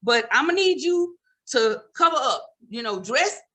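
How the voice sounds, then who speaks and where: A middle-aged woman works through a stand-up comedy set, scolding and teasing her audience with sassy asides. Her voice sits high and rings bright and sharp. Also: expressive, unhurried.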